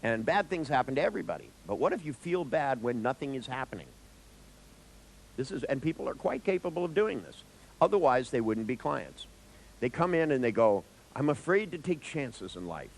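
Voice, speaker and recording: A man's voice: mid-range voice, a little fast, creaky, poor audio. A therapist giving a live seminar talk to an audience, joking and speaking straight to listeners as he explains. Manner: animated, joking, acts out dialogues with clients.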